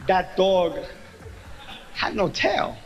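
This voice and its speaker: A man's voice: high-pitched, very animated, drawn-out words, highs cut off. A man musing wryly in a comedic talk-show bit.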